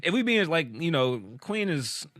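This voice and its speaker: A man hosting a podcast in casual, animated chat, often restarting his sentences. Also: a little high, normal speed, dry recording, clean studio sound. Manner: animated, talks through restarts and laughs. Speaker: podcast host.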